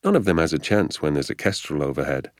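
An audiobook reader voicing an easygoing, playful father who poaches, with a calm, knowing manner. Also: very deep voice, quick pace, no room sound, studio quality. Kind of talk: audiobook character voice.

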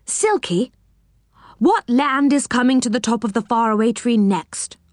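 A woman's voice: on the high side, animated, measured pace, dry recording, clean studio sound. A woman voicing a kindly male character in a storybook, talking in a fussing, friendly way. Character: kindly, cheerful male tree-dweller.

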